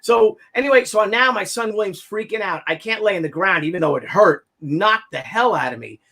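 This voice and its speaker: A man with a high voice hosts a casual chat show. He tells stories in a slangy, excitable way and acts out every person he mentions. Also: brisk. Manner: animated, acts out the people in his stories. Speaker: show host.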